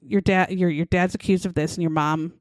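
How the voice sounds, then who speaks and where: A woman's voice: lowish voice, fairly even intonation, brisk, darkish tone, no echo. A woman co-hosting a casual true-crime podcast, talking bluntly, swearing freely and acting out what people said. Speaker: podcast co-host.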